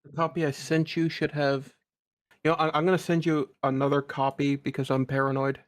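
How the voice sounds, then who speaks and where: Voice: mid-range voice, level tone, brisk. A player in a tabletop game, explaining character sheets in a helpful, apologetic way. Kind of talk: casual tabletop game play.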